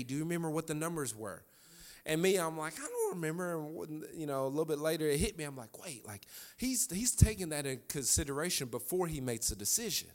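A preacher delivering a sermon who repeats lines for emphasis and chuckles his way through a family story. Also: on the high side.

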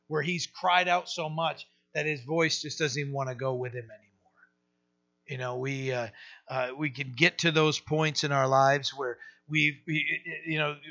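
A man's voice: on the high side, gravelly, bright, forceful tone, muffled recording. A middle-aged man preaching a conversational sermon, talking casually with many fillers and restarts. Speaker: pastor.

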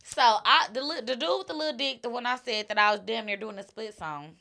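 A woman telling raunchy stories in casual chat, loud and animated, acting out the people in them. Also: fairly high pitch, brisk, vocal fry. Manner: loud, animated, acts out voices in her stories.

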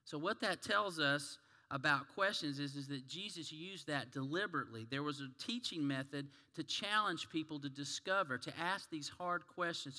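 Folksy preacher in a reverberant hall. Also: male voice, fairly high pitch, pushed and bright. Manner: folksy, conversational storytelling. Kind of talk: sermon.

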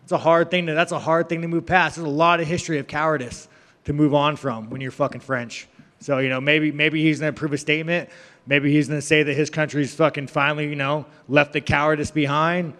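Brash male fighter, profane and rambling, voice a bit high, reverberant hall. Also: flat delivery, brisk, a bit bright. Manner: profane, rambling, mocking banter. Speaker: professional fighter. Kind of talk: media scrum answers. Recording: reverberant room.

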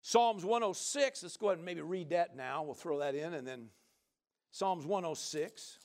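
A man preaching a sermon in a folksy, joking way, often asking the listeners "right?" and swinging from loud to soft. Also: on the high side, moderate pace.

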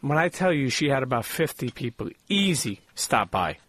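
A man's voice: mid-range voice, sing-song, moderate pace, a bit bright, breathy edge, no room sound. A man hosting a podcast in a loose, rambling way, swearing and acting out the people in his stories. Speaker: podcast host. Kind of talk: casual podcast chat.

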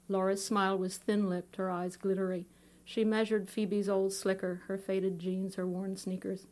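A woman author reads her fiction aloud at a bookstore event, her voice at a plain middle pitch. She takes the lines in a measured, unhurried way. She speaks into a microphone. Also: level tone, darkish tone. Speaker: author reading her own work. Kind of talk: live fiction reading. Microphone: microphone on a stand.

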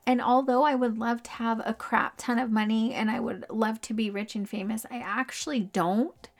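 A woman's voice: medium pitch, gravelly. Chatty, upbeat young woman podcaster. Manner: chatty, upbeat, laughs often, many fillers. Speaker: podcast host. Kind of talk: casual solo podcast talk.

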